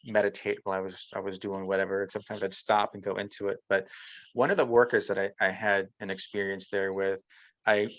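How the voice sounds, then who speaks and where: A man's voice: on the low side, a bit bright, dry recording, poor audio. A man as an interview guest, telling a personal story in casual chat and voicing the people he quotes. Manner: storytelling, often acting out quotes of others.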